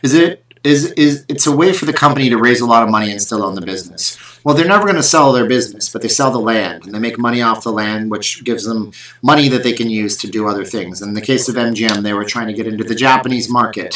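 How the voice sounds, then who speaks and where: A man's voice: mid-range voice, fast, a bit bright, far from the mic. A man hosting a casual live stream from home, reading viewer questions aloud and answering in a rambling, self-deprecating way.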